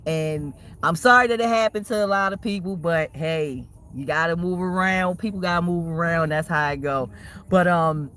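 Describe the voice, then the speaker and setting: A woman's voice: on the low side, normal speed, a bit bright, a little hiss or hum. A woman livestreaming and chatting casually with her viewers, rambling, swearing freely and laughing often.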